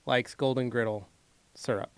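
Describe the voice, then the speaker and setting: A man's voice: mid-range voice, steady tone, normal speed, clean tone, no echo. A man co-hosting a casual podcast chat, rambling and repeating himself as he reads listener questions. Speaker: podcast co-host and car detailer.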